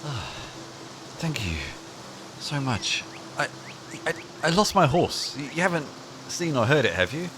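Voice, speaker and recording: A man speaks for his character in a tabletop game, flustered and trailing off, with a lively pitch that swings up and down. A steady noise sits under his home mic. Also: measured pace, pauses often. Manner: flustered, trailing off, soft and mumbling. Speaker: player.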